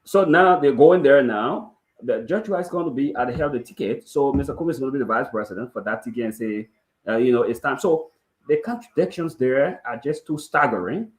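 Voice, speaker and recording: A man giving measured political analysis on a talk show, asking rhetorical questions. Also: mid-range voice, animated. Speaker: political commentator. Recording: echoey room.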